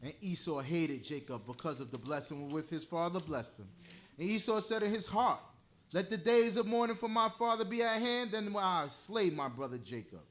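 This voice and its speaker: Guy reading bible verses out loud, steady and formal, high voice. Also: fairly quick. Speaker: scripture reader. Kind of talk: reading scripture aloud.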